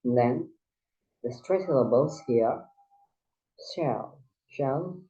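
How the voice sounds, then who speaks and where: Slow, halting man explaining a lesson. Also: mid-range voice, expressive, warm tone. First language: Indonesian. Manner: halting, with many restarts and fillers, explaining step by step. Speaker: student teacher. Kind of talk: recorded classroom lesson. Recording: dull lo-fi recording.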